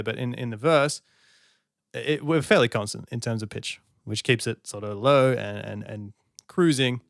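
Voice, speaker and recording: Man analysing songs, smooth clear voice, dry close sound, sings snippets to demonstrate. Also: medium pitch, moderate pace, dry recording. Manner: breaks off to sing and count beats to demonstrate. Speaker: songwriter reacting to an album. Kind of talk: music analysis commentary.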